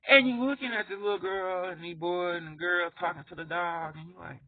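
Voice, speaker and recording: Man, lively rambling monologue, husky and a bit high, dry and tinny phone-like audio. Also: a little fast, dry recording. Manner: animated, jumps into high squeaky voices for characters, laughs often. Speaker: music artist talking to viewers.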